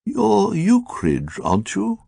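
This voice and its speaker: A man's voice: sits high, huge pitch swings, takes it slowly, gravelly, mellow, husky, no echo, exaggerated voice. A man voicing a prim young man who speaks in a stiff, oddly precise and formal way. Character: Teddy Weeks, a prim young man with odd precise speech.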